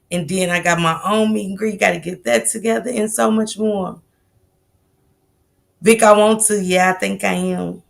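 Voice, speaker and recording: Gravelly woman greeting livestream chatters. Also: medium pitch. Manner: greets viewers by name in slangy banter. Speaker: livestream host. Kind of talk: casual livestream chat.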